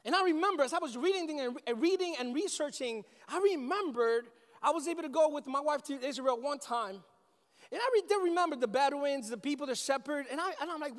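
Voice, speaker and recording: A man preaching a sermon, his voice sitting unusually high for a man. He speaks emphatically and straight to the congregation, slowing down to read scripture. The sound carries the long reverb of a large church hall. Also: expressive. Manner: emphatic, addresses congregation directly, slows for scripture reading. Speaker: pastor. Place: church sanctuary.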